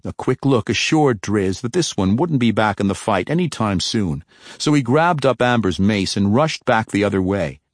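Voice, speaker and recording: A man narrating a fantasy audiobook in a measured, steady storytelling manner on a close mic. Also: on the low side, no room sound.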